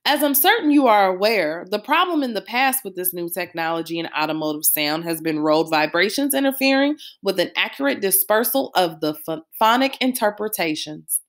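A woman voicing a playful father who hams up a grand salesman pitch. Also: animated, fairly quick, few pauses, fairly bright tone, close to an everyday voice. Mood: mock salesman. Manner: mock salesman patter, grandiose.

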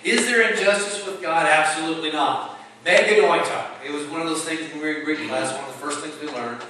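A man's voice: on the high side, quick pace, background noise. A man preaching a sermon in an emphatic, conversational way, asking rhetorical questions. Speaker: pastor. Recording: echoey hall, mic at a distance.

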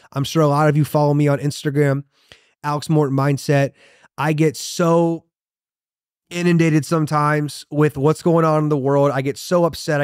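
A man's voice: fairly high pitch, no room sound, studio quality. A man in his thirties hosting a motivational show, preaching with punchy emphasis and repeated catchphrases. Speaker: motivational podcast host. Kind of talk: motivational monologue.

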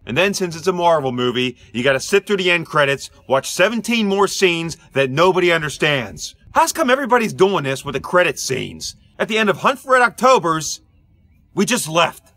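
A middle-aged man with a Pittsburgh accent, doing a rambling, gruff comic monologue aimed at his neighbors. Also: on the high side, very animated, moderate pace, sharp tone, no echo. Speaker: comedic sitcom dad character.

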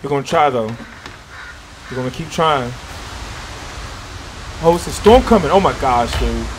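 A man's voice: medium pitch, animated, a little slow, background noise. A man giving let's-play commentary on a survival game, jumpy and swearing, talking to himself as he goes. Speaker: gaming YouTuber.

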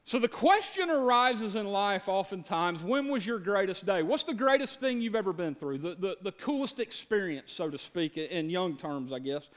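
A pastor from Georgia, USA, in his thirties, preaches a sermon in a voice notably high-pitched for a man, speaking at normal speed with few pauses. Animated, folksy and joking, he chats plainly with his congregation, stammering and doubling words as he goes.

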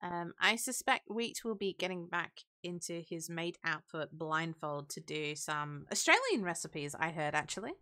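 A woman's voice: lowish voice, expressive, normal speed, hardly any pauses, bright, forceful tone. A young woman co-hosting a live stream in casual chat, giggly and teasing. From Great Britain. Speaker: stream co-host.

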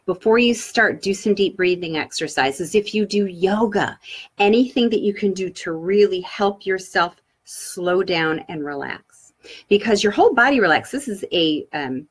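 Husky-voiced woman giving upbeat speaking tips. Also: lowish voice, expressive, moderate pace. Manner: upbeat, coaching, talks straight to viewers. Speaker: public speaking guest expert. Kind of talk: live online tips session.

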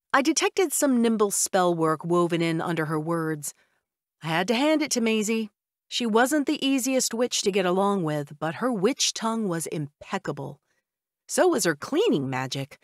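A woman's voice: fairly low pitch, no room sound, studio quality. A woman narrating a first-person audiobook in a wry, conversational way.

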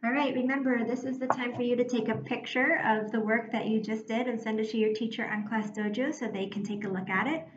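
A woman teaching a recorded reading lesson for young children, speaking slowly and clearly, encouraging them and pausing for their answers. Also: fairly high pitch, steady tone. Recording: echoey room, dull sound, faint hiss.

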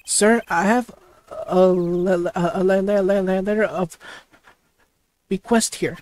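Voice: mid-range voice, fairly even intonation, slow, a little mellow, dry recording, close to an everyday voice. A reader voicing an earnest young male defense attorney in a game, stammering through lines.

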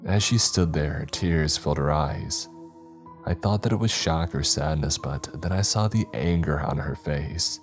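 Very deep-voiced male horror narrator. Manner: measured, grim. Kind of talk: first-person scripted narration. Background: faint music.

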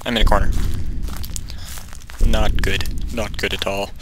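A young man commentating a horror game, nervous and jittery, often going hushed, then bursting into panicked repeated words. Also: fairly low pitch, level tone, unhurried. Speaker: gaming YouTuber. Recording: noisy home mic recording.

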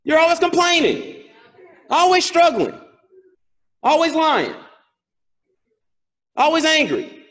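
A man preaching a sermon as pastor, asking the congregation questions and rising from quiet reading to shouted exhortation. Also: very high-pitched, big pitch swings, takes it slowly, long pauses.

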